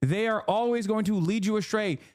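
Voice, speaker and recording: High-voiced ranting male streamer. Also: normal speed, a little mellow. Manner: profane, heated, mocking rants. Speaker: streamer host. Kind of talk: casual livestream commentary.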